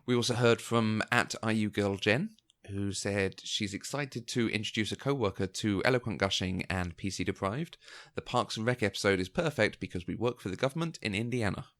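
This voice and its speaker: Male co-host, low-ish register, relaxed chatty delivery with frequent chuckles. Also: fairly quick, hardly any pauses. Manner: chuckles often between remarks. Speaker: podcast co-host. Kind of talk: casual chat and show announcements.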